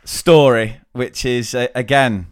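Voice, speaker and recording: A man, a teacher co-hosting a podcast, chatting and telling a story in a measured, unhurried way. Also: mid-range voice, steady tone, clean tone. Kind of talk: casual chat, storytelling.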